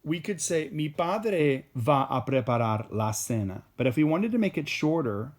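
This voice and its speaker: A man's voice: fairly high pitch, sing-song, normal speed. Male Spanish teacher, easygoing patient lesson delivery. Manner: casual, explains patiently with many fillers and "okay?" checks. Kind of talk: recorded classroom lesson. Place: home or classroom, alone.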